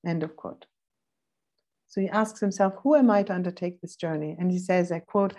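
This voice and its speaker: A woman instructor giving a philosophy seminar lecture, thoughtful and pausing now and then to look up verse numbers. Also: lowish voice, mellow. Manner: reads quoted passages slowly and deliberately.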